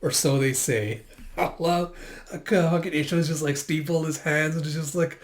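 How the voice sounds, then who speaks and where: A man's voice: a little high, little pitch movement, normal speed. A man talks his way through a manga chapter at an easy pace, mixing narration with offhand commentary. His voice sits a touch above the middle for a man, and he leans on fillers and casual swearing.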